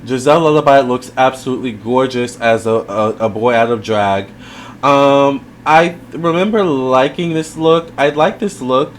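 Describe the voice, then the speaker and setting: A man's voice: mid-range voice, moderate pace, a little hiss or hum. A man giving a casual video review, chatty and rambling, with lots of fillers and side remarks. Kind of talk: casual commentary.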